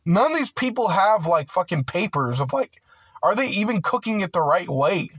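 A man's voice: high-pitched, very animated, moderate pace, fairly bright tone, slightly rough, no room sound, low-quality recording. A young man ranting in a casual monologue, heated and aggrieved, swearing often and stumbling over fillers and restarts. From United States. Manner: profane, rambling, filler-heavy with many "like"s and restarts.

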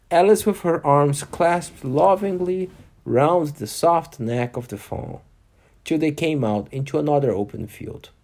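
A man's voice: mid-range voice, creaky, a little mellow. A man reading a children's book aloud to young listeners, stopping patiently to explain words and scenes.

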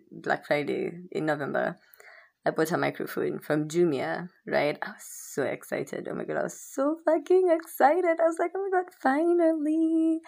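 A woman's voice: sits low, creaky. A young woman hosting her own podcast, chatting candidly and rambling, with frequent swearing. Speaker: podcast host. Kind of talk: casual solo podcast chat.

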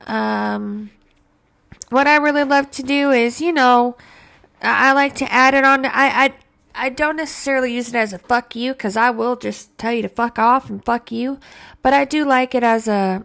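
A woman's voice: a little high, normal speed, gravelly, fairly bright tone. A woman hosting a casual solo podcast, profane and sarcastic, drawing out mocking quotes. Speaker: podcast host.

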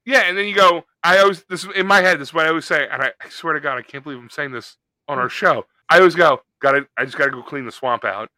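A high-pitched man with a very bright, sharp tone rants in loose, profane podcast chat. He jumps into goofy voices to act out his complaints. The sound is dry and close. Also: fast, no room sound. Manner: profane, animated ranting with comic voices. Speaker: podcast co-host. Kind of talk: casual chat.

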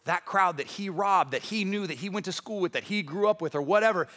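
A man preaching a sermon in an animated way, acting out the voices of people from the story. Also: high voice, brisk. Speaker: pastor.

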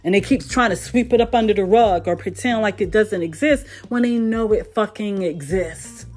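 A woman's voice: mid-range voice, normal speed, darkish tone, faint music behind. A woman vlogger delivering a heated, profane monologue rant, repeating herself for emphasis.

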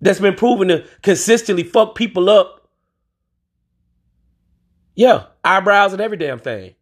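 A man's voice: high-pitched, expressive, measured pace. A man from the United States ranting on his own podcast, emphatic and profane, using street slang and talking straight to his listeners. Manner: emphatic and profane, swears freely. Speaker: podcast host. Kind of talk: solo podcast rant.

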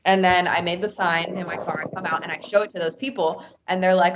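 A woman's voice: lowish voice, quick pace, background noise. A woman telling a personal story in a casual podcast chat, with many "like" fillers. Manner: animated, talks with many "like" fillers.

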